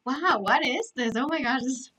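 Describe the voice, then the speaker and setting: A young woman live-streaming a game, gushing with excitement, gasping and repeating herself. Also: high voice, normal speed, rough recording.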